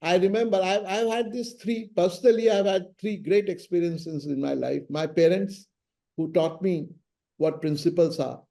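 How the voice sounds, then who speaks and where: This high, creaky voice belongs to a middle-aged Indian English-accented man talking at a moderate pace. A senior lawyer being interviewed, he relates anecdotes about his mentor with gusto, performing the quoted exchanges himself.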